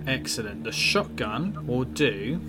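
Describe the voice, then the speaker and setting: A man's voice: medium pitch, sing-song, takes it slowly. A man running a tabletop horror game as game master, narrating in a loose, rambling, self-mocking way. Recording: noisy background.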